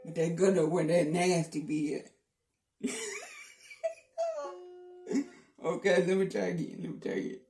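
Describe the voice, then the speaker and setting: A man's voice: sits high, steady tone, moderate pace, creaky, recorded from a distance, music in the background. A man joking around in a casual vlog, playful and teasing, repeating his lines. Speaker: vlogger. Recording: echoey room.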